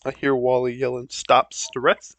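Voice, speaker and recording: A man's voice: mid-range voice, completely flat delivery, measured pace, creaky, a bit bright. A man chatting casually with friends while gaming, joking and laughing often. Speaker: player.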